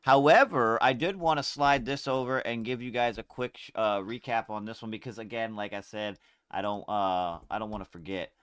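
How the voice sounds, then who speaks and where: A man's voice: fairly low pitch, moderate pace, fairly bright tone, smooth, no room sound, clean studio sound. A man hosting a casual podcast, chatting loosely in slang while sorting out clips on screen. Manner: laid-back slang-heavy chatter, fumbling with screens. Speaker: podcast host.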